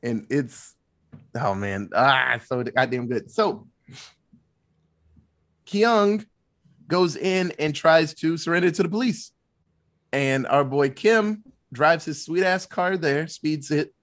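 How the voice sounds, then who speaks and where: A man in casual chat retelling a movie plot, animated and loose, swearing freely. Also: fairly high pitch. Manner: animated, swearing, quick asides.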